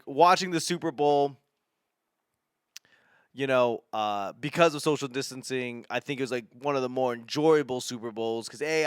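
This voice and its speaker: A man's voice: mid-range voice, clear, resonant tone, no room sound, studio quality. A man in his thirties, a stand-up comedian hosting his own podcast, telling a rambling, profane story that keeps interrupting itself.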